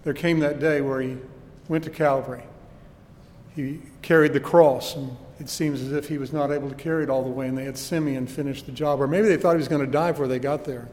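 A man's voice: mid-range voice, steady tone, a little fast, darkish tone, in a large hall. A man preaching a sermon with earnest emphasis and rhetorical questions, recorded in a church.

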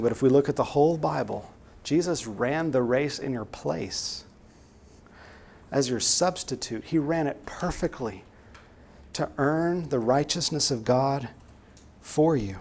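A man's voice: fairly high pitch, darkish tone. A man preaching a sermon, earnest and exhorting, with many direct rhetorical questions to the listeners.

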